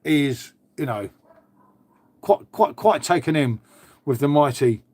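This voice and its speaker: Chatty bloke live-streaming. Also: male voice, fairly high pitch, expressive, unhurried, darkish tone, no room sound. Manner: chatty, swears, repeats "mate". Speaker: livestream host. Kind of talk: casual live chat with viewers.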